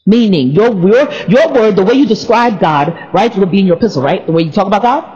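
A woman giving a casual faith talk to the camera, sleepy and allergic, talking in an animated way and repeating words as she goes. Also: medium pitch, quick pace. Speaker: church member sharing devotional thoughts. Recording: reverberant, dull lo-fi sound.

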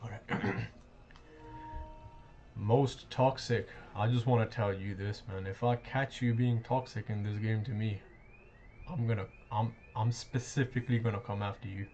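A man's voice: lowish voice, fairly even intonation, a little slow, dark tone, soft background music. A man streaming gameplay live, talking with brash, profane trash talk. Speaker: game streamer. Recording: dull lo-fi mic with faint noise.

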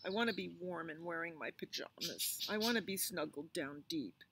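A woman's voice: lowish voice, expressive, moderate pace, noisy background. A woman reading the lines of a timid, frightened little boy who pleads anxiously. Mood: scared. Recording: outdoors with loud birdsong.

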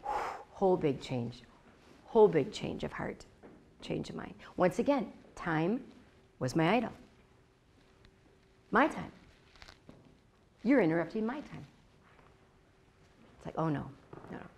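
A woman's voice: fairly low pitch, lively intonation, slow, long pauses, a little mellow, a little hiss or hum. A woman teaching a Bible study in a chatty, confiding way, full of asides.

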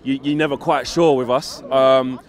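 A man's voice: mid-range voice, fairly even intonation, normal speed. A man interviewing a football fan outdoors, conversational, prompting with questions.

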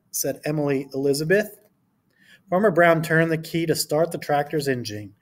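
Man, teacher reading to kids, animated, higher-pitched voice, storybook voices. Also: moderate pace. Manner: gentle, instructive, talking directly to children. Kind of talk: read-aloud lesson for children.

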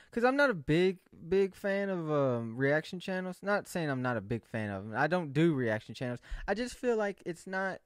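A man's voice: mid-range voice, no echo. Rambling, joking young man, dry mic. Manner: rambling, jokey, self-correcting. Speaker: vlogger. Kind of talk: casual solo video chat.

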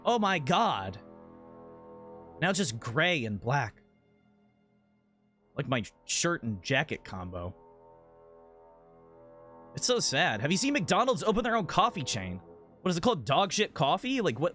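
A man streaming a game, chatting casually in a rambling, profane, animated rant. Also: sits high, takes it slowly, pauses often, soft background music.

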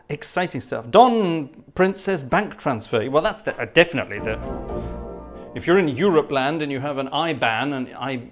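A middle-aged man with a posh Scottish accent, chatting casually with viewers on a livestream and thanking them effusively. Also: on the high side. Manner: chatty, effusive, quick thanks like 'gosh' and 'splendid'. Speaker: livestream host and organist. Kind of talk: casual livestream chat reading the chat.

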